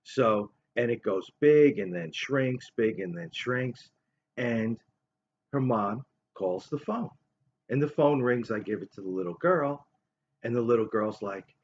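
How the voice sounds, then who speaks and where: In a dull lo-fi recording with a little hiss or hum, a fifties-aged male vlogger with a mid-range voice rambles through a long, casual story. He performs the voices of the other people in it.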